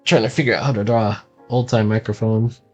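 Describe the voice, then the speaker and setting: A man's voice: on the low side, steady tone, fairly quick, darkish tone, dull audio, faint music behind. A man casually touring his own sketchbook as a cartoonist, rambling and self-deprecating, with lots of ums.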